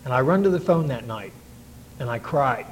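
A man's voice: medium pitch, expressive, normal speed, a little hiss or hum, rough recording. A middle-aged man telling his own story to a recovery meeting, in an earnest, folksy way with many restarts. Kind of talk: personal testimony to an audience.

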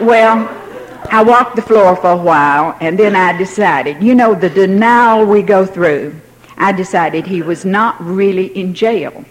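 An older woman, her voice sitting at an ordinary middle pitch, tells a story from her own life. She pokes fun at herself with a wry, easy humor, and a faint hiss runs under the recording. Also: measured pace, rough recording. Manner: wry, self-mocking, laughs through her story. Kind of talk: personal storytelling.

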